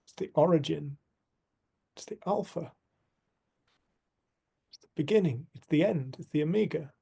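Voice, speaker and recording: A man's voice: a little high, expressive, creaky, husky. A man giving an earnest, reflective spiritual talk to a community group, telling a personal story. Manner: earnest, storytelling, soft and slow at times.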